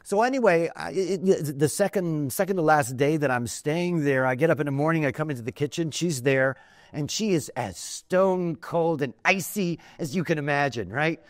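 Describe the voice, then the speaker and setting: At normal speed and a little high in pitch, this spiritual-system teacher lectures conversationally, wandering into anecdotes with many fillers and side remarks. It's a dry recording of a lecture with storytelling.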